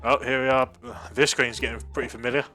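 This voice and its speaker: A man's voice: mid-range voice, quick pace, faint music behind. A man hosting his gaming channel, bantering casually and yelping and laughing a lot over the gameplay. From United Kingdom. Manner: excitable, yelps and laughs a lot.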